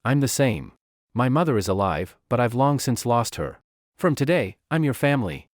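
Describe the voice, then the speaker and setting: A man voicing an obsessive young female vampire, clingy and menacing, in a lively, dry recording. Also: medium pitch, normal speed, no room sound, natural voice. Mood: adoring. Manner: clingy, then coldly possessive.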